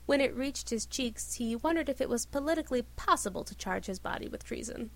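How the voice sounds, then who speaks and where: A woman reading a story aloud with expressive narration. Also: fairly high pitch, brisk. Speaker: reader. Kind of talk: reading fan fiction aloud.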